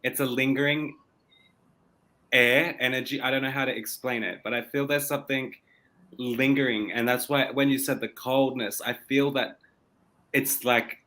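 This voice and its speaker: A man's voice: mid-range voice, steady tone, normal speed, pushed and bright. A man co-hosting a live stream over a video call as a psychic medium, casual and searching for words.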